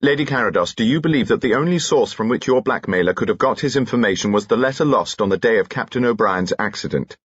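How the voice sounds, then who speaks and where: A man voicing a calm, methodical male police inspector in an audiobook, quiet and matter-of-fact. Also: on the low side, fast, few pauses, husky, no echo, lo-fi sound, pitched above the performer's own voice.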